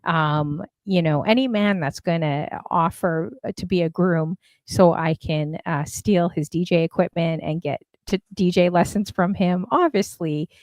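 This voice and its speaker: A woman's voice: on the low side, measured pace, few pauses, a little mellow, no room sound. A woman hosting a casual live-stream interview, chatty and a bit scattered. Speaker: host.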